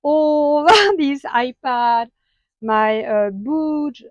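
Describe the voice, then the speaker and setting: A woman with a French accent talks slowly and a little high, pausing often on fillers and breaking into small laughs as she shows off her van. The sound is dry and a bit dull, recorded close in a small van. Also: dry recording. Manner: chatty, halting with frequent fillers and laughs. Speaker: vlogger. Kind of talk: casual van tour vlog.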